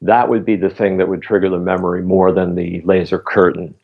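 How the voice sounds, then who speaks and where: Low gravelly-voiced man telling stories. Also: fairly quick, phone-quality sound. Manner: relaxed anecdotal telling, laughs between stories. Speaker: former roadie and studio bassist, interview guest. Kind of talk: casual interview storytelling.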